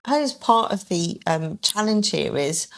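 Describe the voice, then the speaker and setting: Thoughtful low-voiced woman guest. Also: animated, normal speed. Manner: thoughtful, hedging with frequent ums and restarts; dry sarcastic asides. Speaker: aesthetics practitioner guest. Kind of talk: conversational podcast interview.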